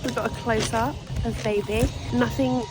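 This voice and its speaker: A woman's voice: fairly high pitch, steady tone, moderate pace, over loud music. A young woman, a mum, chatting casually to camera in a vlog, self-deprecating and laughing often. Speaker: vlogger and mother. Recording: echoey room, faint background noise.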